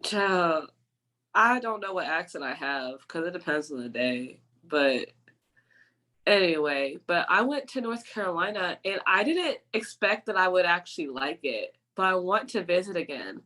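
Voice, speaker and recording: A woman's voice: lowish voice, big pitch swings, moderate pace, pushed and bright. A woman co-hosting a casual podcast chat, rambling and searching for words. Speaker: podcast co-host.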